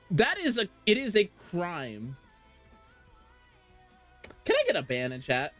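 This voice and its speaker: Giggly, animated live streamer. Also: medium pitch, slow, long pauses, faint music behind. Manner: giggly and animated, laughs often. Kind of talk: casual live game stream chat. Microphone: streaming microphone.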